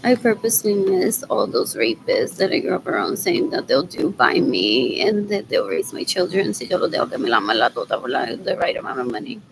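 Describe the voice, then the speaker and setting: A woman's voice: low-pitched, sing-song, fairly quick, creaky, hardly any pauses, background noise. A woman vlogging in a rambling monologue, repeating herself, drifting between thoughts and muttering asides with Spanish words mixed in.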